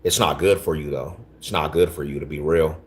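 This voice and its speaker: A man's voice: a bass voice, steady tone, brisk. A man hosting a casual livestream, talking back to his chat in laid-back, slangy street talk, often repeating himself. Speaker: livestream host.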